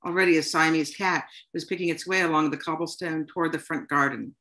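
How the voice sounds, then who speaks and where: A woman author reading her own short story aloud to an audience, in a plain, unhurried storytelling manner. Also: low-pitched, steady tone. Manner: unhurried, plain storytelling delivery with soft "um" fillers.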